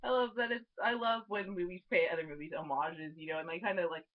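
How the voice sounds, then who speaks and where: A woman's voice: fairly low pitch, fast. A young woman reviewing a movie in a casual vlog, bubbly and giggly, full of filler words. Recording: dull lo-fi webcam audio.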